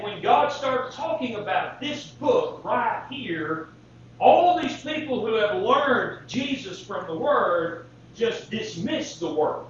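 High-voiced male preacher in an echoey hall. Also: fairly bright tone, a little hiss or hum. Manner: poses rhetorical questions to the congregation. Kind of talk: sermon. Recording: very echoey hall, distant mic, dull lo-fi sound.

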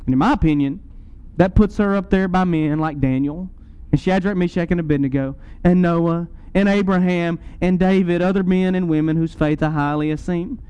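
Smooth high-voiced male preacher. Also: moderate pace, warm tone, dull audio. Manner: earnest, rising to emphatic peaks. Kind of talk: sermon.

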